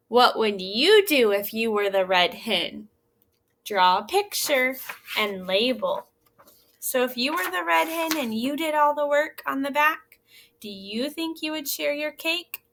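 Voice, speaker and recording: A woman teaching young children in a recorded lesson, reading a story aloud and asking gentle, encouraging questions. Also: sits high. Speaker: elementary school teacher.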